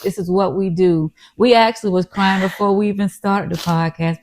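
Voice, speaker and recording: A woman's voice: medium pitch, steady tone, normal speed, hardly any pauses. A woman co-hosting a casual podcast, speaking in an encouraging, affirming way and cheering on her co-host. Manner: warm, encouraging, affirming, calls listeners "y'all" and co-host "baby".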